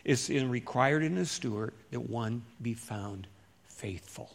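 A folksy male pastor gives a sermon in an easygoing, chatty manner. He swings from loud, emphatic bursts to hushed asides. His voice sits at an ordinary middle pitch. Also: measured pace, creaky, slight background noise.

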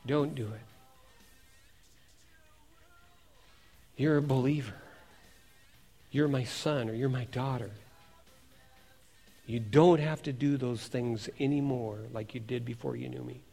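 A man voicing the quiet, gentle inner voice of the Holy Spirit, speaking softly and pleadingly. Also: very high-pitched, little pitch movement, normal speed, few pauses, faint music behind, voice pushed up. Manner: soft, hushed, pleading.

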